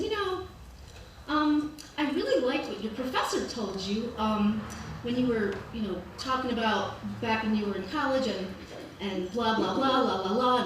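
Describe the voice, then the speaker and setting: Wry woman storyteller in an echoey hall. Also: fairly high pitch. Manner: wry, self-mocking, lively quoted asides. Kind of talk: live storytelling to an audience. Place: art gallery event space. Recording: very echoey room, distant mic, noise.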